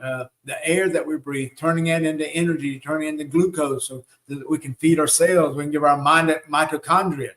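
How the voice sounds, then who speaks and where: A man with a slightly raised pitch gives a live spiritual teaching in an encouraging, coaxing way. He keeps checking in with his listeners, adding "right?" and "okay?" after each point. He leads them through chanted affirmations. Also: steady tone, a little fast, hardly any pauses, a bit bright. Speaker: spiritual teacher and show host.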